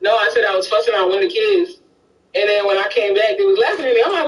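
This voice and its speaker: A man's voice: high-pitched, very animated, fast talker, distant mic, rough recording. A man from Miami with a Miami accent, chatting casually and hesitantly, with frequent restarts and fillers. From Miami, Florida. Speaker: conversation partner. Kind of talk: casual chat.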